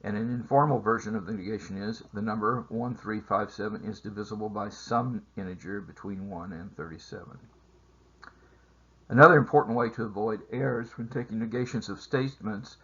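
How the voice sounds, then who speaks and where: A man teaching a math lesson over slides, explaining steps in a measured way with frequent filler sounds. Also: on the low side, fairly bright tone, breathy edge, highs cut off. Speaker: math instructor. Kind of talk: recorded lecture over slides.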